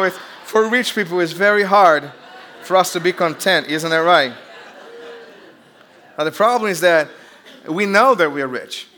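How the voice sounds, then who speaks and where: List: man, Brazilian accent, pastor, sermon, bright tone, fairly high pitch, chatty and joking. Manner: chatty, joking storyteller with audience call-outs.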